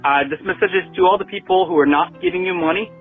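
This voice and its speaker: An eager male caller pleading with listeners in a voicemail. His voice sits fairly high, and it comes through a tinny phone line with music behind it. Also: fast talker. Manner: enthusiastic, pleading. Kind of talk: voicemail message.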